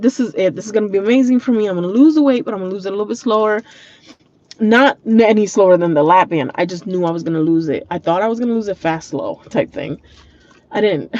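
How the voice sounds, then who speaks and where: A woman's voice: on the low side, darkish tone, highs cut off. A woman vlogging from her parked car, talking candidly and emotionally with her viewers, swearing freely and holding back tears.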